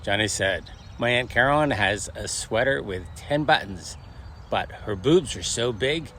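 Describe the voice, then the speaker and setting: A man telling jokes as short stories, acting out the characters' lines in a lively way. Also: medium pitch, a little slow, a little hiss or hum. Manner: animated, acts out the quoted voices. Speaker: joke teller. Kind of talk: storytelling jokes.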